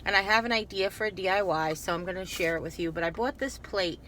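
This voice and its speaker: Bright-voiced chatty woman vlogger. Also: mid-range voice, fast, a little hiss or hum. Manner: chatty, digressive, self-interrupting. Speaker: YouTube haul vlogger. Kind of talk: casual rambling haul video.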